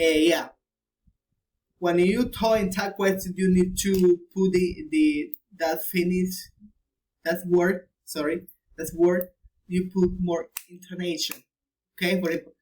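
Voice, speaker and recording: A young man giving a recorded English pronunciation lesson as a student, halting and restarting often while reading out word lists. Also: sits high, fairly even intonation, rough recording.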